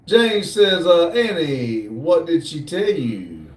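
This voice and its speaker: A man hosting a casual livestream, slowly reading viewer comments aloud in a drawl. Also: a little high, very animated. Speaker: livestream host reading chat. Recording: echoey room, distant mic.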